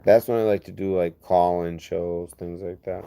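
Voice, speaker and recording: A low-pitched man with a gravelly edge talks casually to his livestream viewers, rambling through comments. His tone is dark and mellow, picking up speed when he gets heated. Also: fairly even intonation, normal speed. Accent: lazy-sounding regional accent. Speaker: livestream host.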